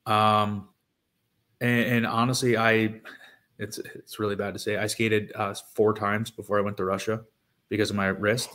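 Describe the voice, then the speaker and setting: A man's voice: on the low side, little pitch movement, normal speed, a bit bright. A man in his thirties, a former pro hockey player, telling stories casually in an interview with lots of fillers and restarts. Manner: rambling with many fillers and restarts.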